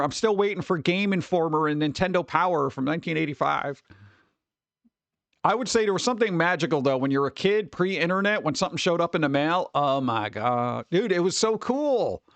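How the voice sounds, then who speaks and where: A man's voice: a little high, dry recording. A man in his forties, hosting a stream in casual chat, ranting and swearing lightly about everyday annoyances. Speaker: streamer host.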